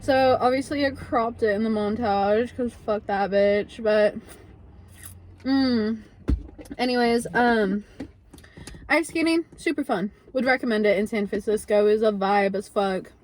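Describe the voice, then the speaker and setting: A young woman vlogger telling a casual, profane storytime, chatty and animated, with lots of "like". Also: a little high, measured pace, slight background noise. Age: young adult.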